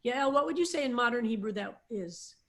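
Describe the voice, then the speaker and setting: A woman rabbi teaching a psalm class over a video call, explaining slowly with many fillers and restarts. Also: on the high side, animated.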